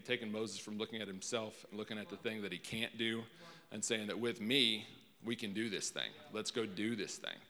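A man gives a casual, conversational sermon in a lowish but bright, forceful voice. He often repeats a word as he restarts a thought. His voice rings with the long reverb of a large hall. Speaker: preacher.

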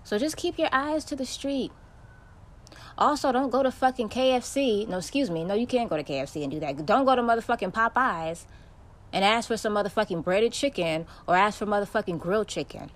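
A woman's voice: medium pitch, a little fast. A young woman hosting a podcast, ranting bluntly and profanely in a casual monologue. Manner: profane, blunt, heated storytelling. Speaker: podcast host.

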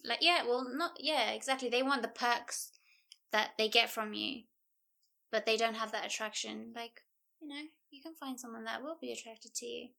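A young woman guesting on a podcast in casual chat, giving calm, reassuring advice. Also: on the high side, normal speed, vocal fry.

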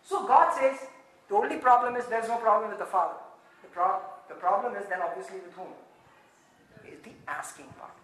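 Lively man preaching, high voice, laughs a lot, super echoey church hall. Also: fairly quick. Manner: animated, laughing, acts out quotes. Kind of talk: sermon.

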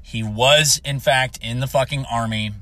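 Brash young veteran, swears constantly, forceful and sharp, no room sound. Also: male voice, mid-range voice, steady tone, a little slow, dry recording. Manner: heavy swearing, blunt and heated. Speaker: Marine veteran telling a story. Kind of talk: profane storytelling rant.

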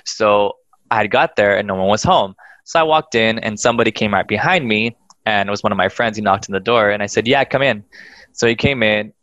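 A man casually telling a ghost story on a podcast, animated, swearing freely and acting out the voices of the people in it. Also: fairly low pitch, fairly quick, no room sound, dull audio.

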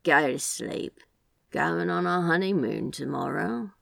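A woman's voice: low voice, lively intonation, a little slow, creaky, fairly bright tone, no echo, clean studio sound, exaggerated voice. A woman voicing a laid-back, teasing male demon with a casual, drawling manner in an audiobook reading. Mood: sleepy.

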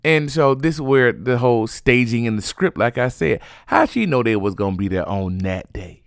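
A man giving a sassy, chatty recap of reality TV gossip, animated and full of fillers, yawning now and then. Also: mid-range voice, moderate pace, vocal fry, no room sound, clean studio sound. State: sleepy, yawning.

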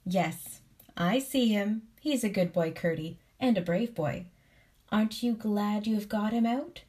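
A woman voicing a wise, gentle old grandmother with a sweet voice, speaking with soothing patience. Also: medium pitch, measured pace, close to an everyday voice.

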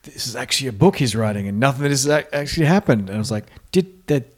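A man in a casual film podcast chat, throwing in quick jokey remarks. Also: mid-range voice.

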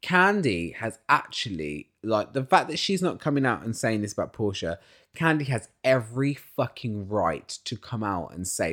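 A man's voice: fairly low pitch, normal speed. A man hosting a casual reality TV recap, talking in an opinionated way and swearing often. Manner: animated, opinionated, swears a lot.

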